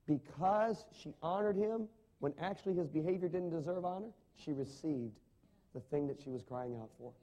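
Dramatic male preacher with a mellow voice. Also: a little high, normal speed. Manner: dramatic, rising and falling emphasis, asks the congregation questions. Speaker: pastor. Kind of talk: sermon.

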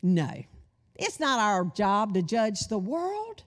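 Middle-aged woman preacher, unhurried, sermon delivery with audience prompts, wide-swinging pitch. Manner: animated, addresses the congregation with questions and call-and-response. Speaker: women's Bible study teacher.

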